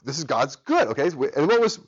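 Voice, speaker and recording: A man in his thirties teaches an adult Sunday school class, earnest and conversational though tired after a sleepless night, and he grows animated when telling stories. His voice is fairly high with a breathy edge and a slightly fast pace, and the recording is muffled.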